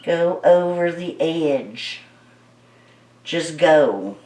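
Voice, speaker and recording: A woman's voice: low voice, animated, drawn-out words, darkish tone, distant mic. A woman narrating her paint pouring as she works, chatty and playful, talking the paint along. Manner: talks to the paint, coaxing it along; playful, easily delighted. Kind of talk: chatty narration while working. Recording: echoey room, mic set back.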